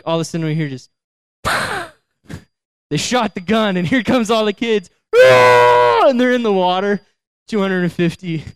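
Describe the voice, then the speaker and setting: A young man giving a storytelling sermon, lively, acting out voices and laughing as he goes. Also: fairly high pitch, clear, resonant tone, dry recording. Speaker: youth speaker.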